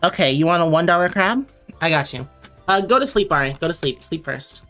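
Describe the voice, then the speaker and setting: A young woman from Connecticut talks casually on a drawing livestream, rambling from one thought to the next as she answers chat. Her voice sits on the lower side, with faint music playing underneath. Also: expressive, fairly quick, a bit bright. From Connecticut, USA. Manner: rambling, chatty, reads chat aloud and answers viewers. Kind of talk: casual late-night stream chat.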